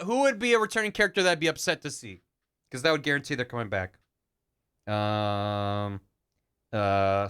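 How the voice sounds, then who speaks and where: A man's voice: medium pitch, bright, forceful tone, smooth. A man streaming a game, chatting casually with jokes and the odd swear, over game music. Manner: joking, rambling, swears.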